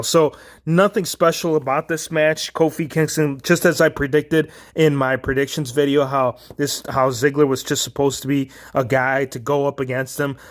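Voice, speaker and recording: A man talks through wrestling results in a loose, joking ramble, his voice sitting a little high for a man. He drifts between points and tosses in quick mock voices along the way. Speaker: wrestling reviewer. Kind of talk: casual review commentary.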